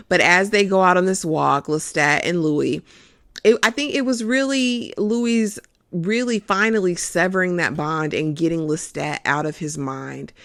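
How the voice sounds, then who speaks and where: A host giving a casual, expressive recap of a TV episode, calling listeners "honey" as they go. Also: mid-range voice, dry recording, studio quality.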